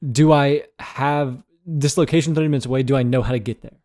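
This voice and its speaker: A man's voice: medium pitch, steady tone, brisk, a little mellow. A young man co-hosting a podcast, chatting casually and rambling a bit with hesitant restarts. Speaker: podcast co-host. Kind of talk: casual banter.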